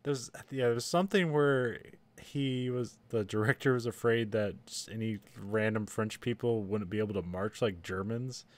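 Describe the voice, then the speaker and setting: Rambling, laughing podcast co-host man. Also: fairly low pitch. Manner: rambling, laughs often, trails off. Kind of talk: casual chat.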